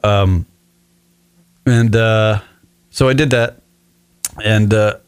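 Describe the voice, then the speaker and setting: A man's voice: lowish voice, fairly even intonation, drawn-out words, clear, resonant tone, no room sound. A man in his forties hosting a solo radio show from his apartment, talking in a rambling, profane, emotional way. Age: 40s. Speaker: podcast host.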